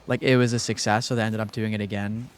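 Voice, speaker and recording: Smooth-voiced young male streamer. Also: on the low side, flat delivery, fast. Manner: rambling, filler-heavy, thanks viewers. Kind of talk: casual live-stream chat.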